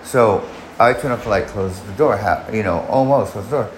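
A man's voice: lowish voice, normal speed, reverberant, a little hiss or hum, low-quality recording. A man casually telling a personal story in a rambling way, restarting often and swearing. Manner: rambling, frequent restarts and profanity.

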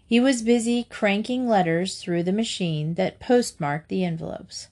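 A woman reading a children's book aloud in a slow, even narration. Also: mid-range voice.

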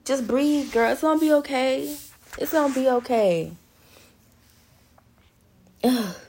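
A young woman hosts a podcast in a loose, frank monologue. Her voice carries a slight fry at the edges. She swears freely and keeps calling her listeners girl, baby and honey. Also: high voice, slow, a little mellow, a little hiss or hum. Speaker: podcast host. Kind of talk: casual motivational monologue.

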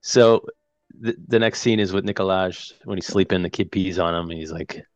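A man's voice: low voice, normal speed, highs cut off, soft background music. A man co-hosting a podcast, casually recapping a film scene by scene and acting out the characters' lines as he goes. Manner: animated retelling with quoted dialogue. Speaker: podcast co-host.

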